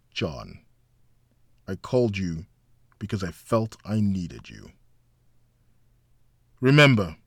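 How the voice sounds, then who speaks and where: A stern but caring man talking his friend down, firm and urgent yet patient, as a male narrator acts him out. He speaks slowly, in a dry, close recording. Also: medium pitch, no echo, lightly acted.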